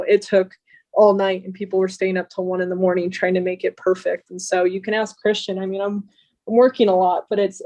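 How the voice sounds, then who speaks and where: Earnest woman with a flat delivery. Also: mid-range voice. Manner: earnest, talkative. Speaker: guest. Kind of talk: casual interview chat.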